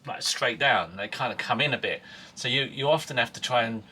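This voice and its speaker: A man's voice: mid-range voice, brisk, bright, forceful tone, a little hiss or hum. A middle-aged man chatting casually as a vlogger, stumbling over restarts and laughing easily. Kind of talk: casual chat.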